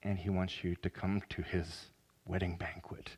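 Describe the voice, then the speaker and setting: Deep-voiced male pastor preaching. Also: flat delivery, moderate pace, husky. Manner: earnest preaching with sudden loud emphatic rises. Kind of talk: sermon.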